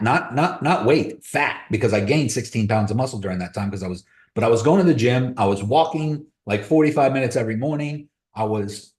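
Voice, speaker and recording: In an echoey room on a video call, a man runs a crypto trading webinar, offering blunt, motivational advice in casual live-stream talk. His voice is medium-pitched and a little mellow.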